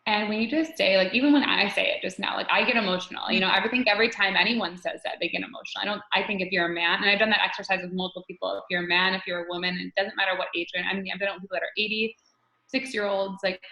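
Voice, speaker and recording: A woman coach giving animated, spiritual interview answers, often restarting her sentences. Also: medium pitch, rapid-fire, creaky, reverberant, dull audio. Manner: animated, spiritual, repeats herself. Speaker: guest coach.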